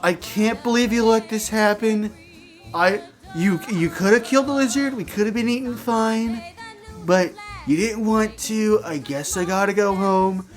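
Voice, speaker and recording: A man's voice: high-pitched, unhurried, faint music behind, pitched above the performer's own voice. A man putting on the voice of his gaming buddy, a dramatic young man complaining in an accusing, self-pitying whine.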